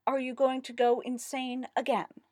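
A man's voice: extremely high pitch, level tone, moderate pace, darkish tone, dry recording, pitched above the performer's own voice. Woman doing a dry sarcastic weary man. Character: weary, sardonic middle-aged man, long-suffering friend.

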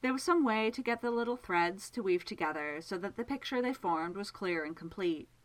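A woman narrating a story aloud in a gentle, measured, expressive way. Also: medium pitch, low-quality recording. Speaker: reader.

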